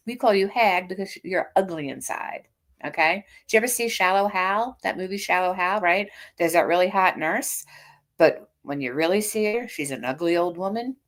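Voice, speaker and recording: A woman in her fifties runs a casual reaction livestream, reading a critic's posts aloud and firing back sarcastic comebacks. Her voice is on the low side and her pace is moderate.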